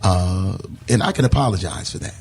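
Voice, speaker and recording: A middle-aged man, a bishop, answering interview questions in a measured, conciliatory way. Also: low-pitched, a little mellow, husky, faint music behind. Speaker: bishop and pastor.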